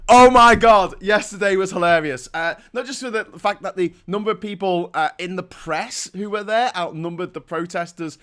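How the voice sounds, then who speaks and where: A male morning-show host talks through his commentary in a loose, teasing way. His voice sits high for a man, and laughter keeps breaking through his sentences. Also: normal speed, few pauses, a bit bright, clean tone. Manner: chatty and mocking, often breaking into laughter. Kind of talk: casual satirical commentary.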